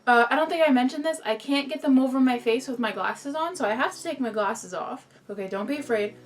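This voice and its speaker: A woman chatting casually in a craft vlog, easily excited and talking to herself as she works. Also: sits high, fairly quick, distant mic. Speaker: crafter showing a handmade mask. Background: faint background music.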